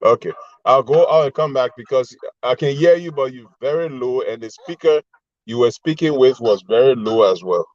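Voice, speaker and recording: A man's voice: medium pitch, moderate pace, darkish tone, muffled recording. A man joining an online talk show as a guest, speaking politely and hesitantly about trouble with his call setup. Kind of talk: video call chat.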